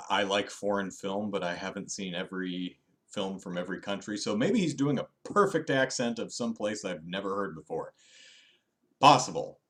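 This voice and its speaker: Male host, low voice, offhand live-stream review, wry, self-deprecating, animated in spurts. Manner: frequent restarts and fillers, animated bursts.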